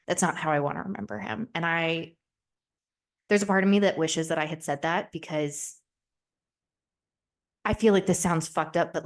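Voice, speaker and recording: A woman in her twenties chatting candidly on a podcast, rambling with lots of fillers and casual swearing. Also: on the low side. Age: 20s. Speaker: podcast host.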